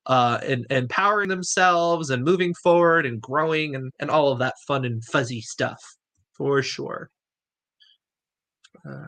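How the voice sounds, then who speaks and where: A man's voice: fairly high pitch, a bit bright. A man hosting a livestream chat, enthusiastic and rambling, who laughs often. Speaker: host.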